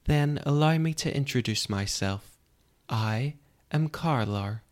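A man voicing an elegant, mysterious man with a rich, elegant foreign accent, speaking with measured, formal courtesy. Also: mid-range voice, lively intonation. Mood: courteous.

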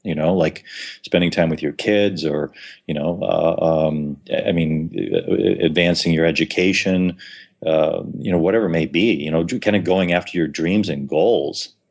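A man's voice: sits low, fairly even intonation, normal speed. A man talking casually as a podcast guest, with many restarts and repeated words.

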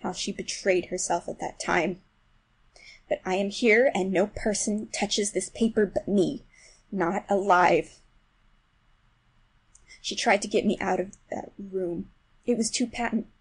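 Woman reading an audiobook, gravelly husky voice, hushed then emphatic. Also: medium pitch, steady tone, a little slow, pauses often, low-quality recording. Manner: first-person storytelling, shifting from hushed to emphatic. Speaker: audiobook reader. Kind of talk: literary audiobook narration. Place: New York City.

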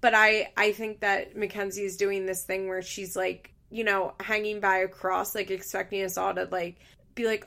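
A woman's voice: medium pitch, little pitch movement, moderate pace, vocal fry, fairly bright tone. A woman giving casual, blunt commentary on a reality show, swearing often and sharing her opinions.

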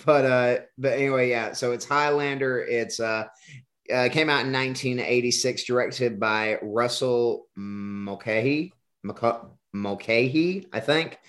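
A man's voice: mid-range voice, measured pace, a bit bright. A man hosting a podcast in casual chat, rambling and joking, often restarting his words. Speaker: podcast host.

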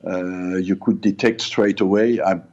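A man whose first language is not English, a former football manager answering radio interview questions slowly, with many pauses and fillers. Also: sits low, fairly even intonation, a little mellow. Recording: muffled lo-fi line.

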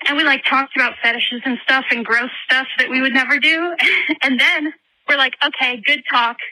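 A woman's voice: sits high, steady tone, moderate pace, pushed and bright, poor audio. Giggly woman telling a story on the phone. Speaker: voicemail caller. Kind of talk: storytelling voicemail. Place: outdoors walking a dog.

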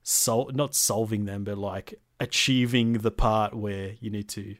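A young man chatting casually about a video game, relaxed and swearing freely, with plenty of ums. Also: on the low side, a little slow, no room sound, studio quality. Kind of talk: casual gaming chat.

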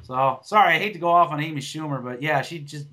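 A man's voice: on the high side, quick pace, pushed and bright. A man who does stand-up, chatting on a podcast in a blunt, rambling way with lots of swearing and restarts. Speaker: podcast co-host, stand-up comic. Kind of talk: casual podcast chat.

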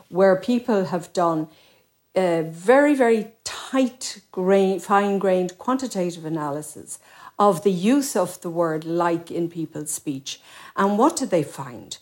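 A middle-aged Irish woman, a professor guest, explaining things quickly with plenty of examples. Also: fairly low pitch, a little mellow. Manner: quick, expository, uses examples. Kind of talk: explanatory interview talk.

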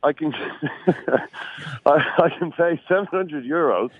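A man's voice: a little high, slow, breathy edge, no room sound. An Irish man calls in from an airport and spins a rueful anecdote at his own expense. His voice comes through a thin, tinny phone line with no room around it. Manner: wry, self-mocking storyteller. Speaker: podcast regular calling in from an airport. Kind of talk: casual phone-in storytelling.

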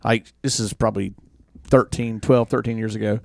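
A man's voice: on the low side, moderate pace, vocal fry, no echo. Man with a dry close voice. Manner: storytelling, animated when excited, swears freely. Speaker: podcast co-host. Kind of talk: casual chat.

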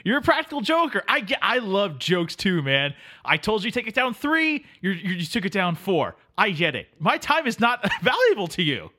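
A man's voice: sits high, huge pitch swings, normal speed, pushed and bright, full character voice. A man playing a pushy, self-important audiobook studio engineer who talks down to his client and mutters asides, in a comedy sketch. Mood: impatient. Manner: impatient, condescending, mutters asides.

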